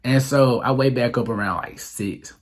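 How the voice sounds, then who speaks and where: A man's voice: medium pitch, normal speed. A young man telling a rambling, profane storytime on his vlog, full of fillers. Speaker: vlogger. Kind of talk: casual storytime monologue.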